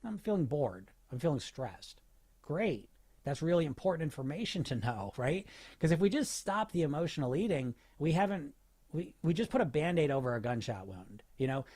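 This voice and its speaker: A man's voice: fairly high pitch, a little fast. A man hosting a podcast as a weight loss coach, talking in a casual motivational way and firing off rhetorical questions. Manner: animated, asks rhetorical questions, fillers and restarts.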